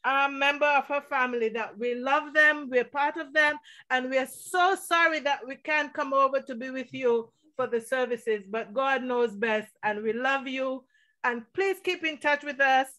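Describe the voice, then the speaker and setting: A woman's voice: high-pitched, moderate pace, bright, forceful tone. A middle-aged woman from Montserrat giving a tribute at a memorial service over a video call, telling a family story with laughter.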